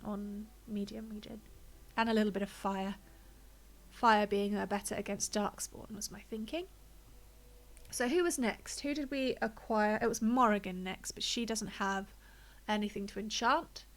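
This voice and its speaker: A woman with a medium-pitched, slightly bright voice streams a game, offering casual commentary as she plays. She's chatty, thinks aloud, and narrates her own choices, sounding a little out of breath and with a blocked nose.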